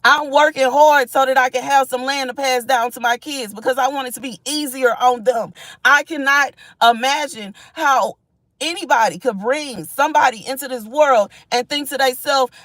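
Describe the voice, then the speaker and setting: A woman's voice: high-pitched, normal speed, fairly bright tone, no room sound. A woman giving impassioned spiritual messages on a livestream, emphatic and repetitive, often asking "you know what I'm saying". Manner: reads and thanks viewers from chat.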